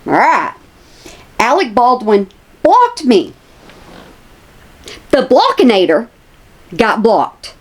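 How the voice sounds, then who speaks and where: A woman's voice: a little high, wildly swooping pitch, slow pace, pauses often, breathy edge. A woman, chatting casually to her viewers as a commentary vlogger, repeating herself for emphasis.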